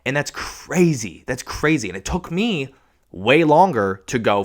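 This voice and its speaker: A young man from Washington state talking through a casual solo podcast monologue, rambling, halting and swearing freely, with "dude" in every other line. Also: mid-range voice, sing-song, a bit bright. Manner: rambling and halting, many restarts. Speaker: podcast host.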